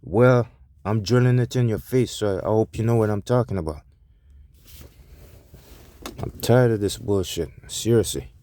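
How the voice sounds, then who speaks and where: A man with a deep, low voice vents as a truck driver talking straight to his viewers. He is heated, profane and defensive, circling back over his points and restarting sentences. The sound is dry and close, with almost no room echo. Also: normal speed, long pauses, dark tone. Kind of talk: ranting vlog to viewers.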